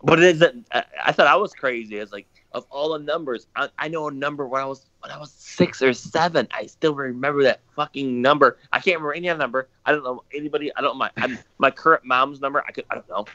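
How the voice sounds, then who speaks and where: A man hosting a loose livestream chat, swearing freely and circling back over the same point. His voice is bright and forward. The mic sound is dry and a little dull. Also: medium pitch, fast talker, hardly any pauses, no echo. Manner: profane, rambling, repeats himself. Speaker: podcast host.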